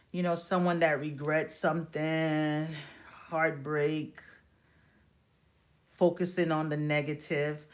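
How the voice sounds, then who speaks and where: A woman giving a live-stream tarot reading, explaining cards in an unhurried, reassuring way with many fillers. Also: low-pitched. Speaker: tarot reader.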